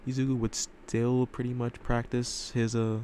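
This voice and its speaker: A man's voice: mid-range voice, level tone, unhurried, dark tone, slight background noise. A man telling a fan story casually, rambling with lots of fillers and loose swearing, recorded in a room at home.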